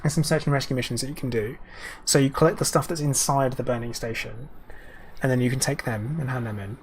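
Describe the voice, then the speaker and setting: A man's voice: mid-range voice, fairly even intonation, fast, a little hiss or hum. A man live-streaming a game, chatting casually in a rambling way and answering viewers' chat messages.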